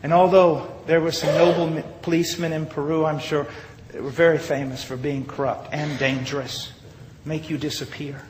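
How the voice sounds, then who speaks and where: A man preaching a sermon with dramatic storytelling, rising loud and then dropping to a hush. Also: fairly high pitch, steady tone, normal speed, a crowd in the background. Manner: dramatic storytelling, swings between loud rises and hushed drops. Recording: long hall reverb, faint noise.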